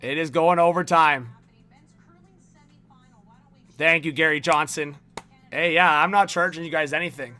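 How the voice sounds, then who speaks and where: An energetic man hosting a live stream, reading chat names off one after another. His voice sits a bit high and comes across bright and forceful, with frequent laughs between shout-outs. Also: a little slow, pauses often, faint music behind. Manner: upbeat, rattles off viewer names, laughs often.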